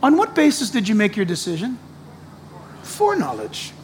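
A pastor preaching a sermon, animated, with joking asides and acted-out quotes. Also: male voice, high-pitched, normal speed, slight background noise. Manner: animated, jokey asides, acts out quoted voices.

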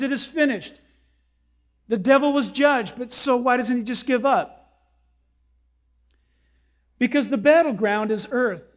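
A pastor with a high, light voice delivers a sermon to his congregation. His preaching is dramatic, jumping to sudden shouts and sinking to a hush as he acts out quoted lines.

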